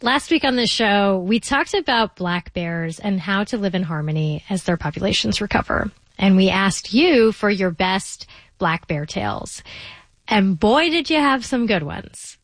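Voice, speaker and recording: A woman's voice: mid-range voice, animated, a little slow, no room sound. Friendly female radio host, dry studio. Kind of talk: scripted radio narration.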